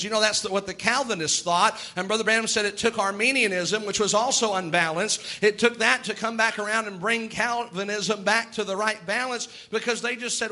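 A man's voice: high-pitched, normal speed, few pauses, bright, forceful tone. A man preaching a sermon, emphatic and repetitive, acting out the doubts of his listeners. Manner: emphatic, repeats words, acts out quoted doubters.

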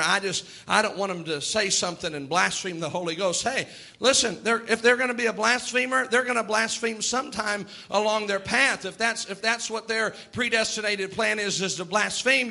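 A man's voice: high-pitched, creaky, pushed and bright. A man preaching a sermon, emphatic and repetitive, acting out the doubts of his listeners. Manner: emphatic, repeats words, acts out quoted doubters.

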